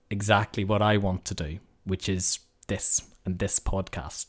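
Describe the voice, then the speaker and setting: A man hosting an interview podcast speaks in a low voice. He is earnest and measured, mostly listening with short murmurs before offering his own thoughts at length. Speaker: podcast host. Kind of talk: conversational interview.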